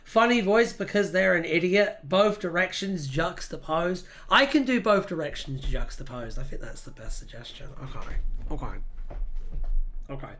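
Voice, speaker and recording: A livestream host chatting casually with viewers while reading, in a mid-pitched voice. The delivery is chatty and sweary, full of quick asides to chat. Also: very animated, a bit bright.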